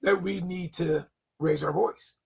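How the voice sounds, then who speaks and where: Raspy gravelly guy on a church talk show, keeps restarting his sentences. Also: sits high, steady tone, a little mellow. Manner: halting, repeats words when starting. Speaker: co-host. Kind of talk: casual chat.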